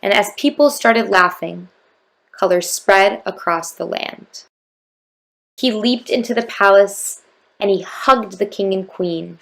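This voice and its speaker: A woman reads a rhyming storybook aloud, measured and expressive. Her voice has a noticeable gravelly fry. The delivery is even-pitched and steady. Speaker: storybook reader.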